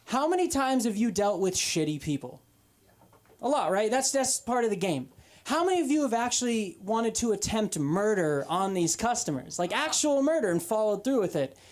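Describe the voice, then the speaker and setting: A woman in her twenties works an open-mic stage with profane, animated storytelling. Her pitch leaps high and drops low from phrase to phrase, and she sits at a middling register for a woman. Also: normal speed. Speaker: stand-up comic. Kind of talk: open-mic stand-up set. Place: comedy club stage.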